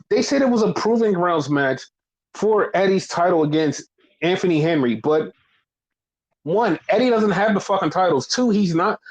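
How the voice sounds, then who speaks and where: Man, wrestling podcast co-host, casual chat, rambling, swearing, animated retellings, fairly high voice. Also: slightly rough, rough recording.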